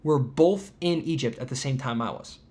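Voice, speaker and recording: A man's voice: medium pitch, moderate pace, darkish tone. A man hosting a podcast, telling an indignant travel story in casual chat with sarcastic asides. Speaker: podcast host.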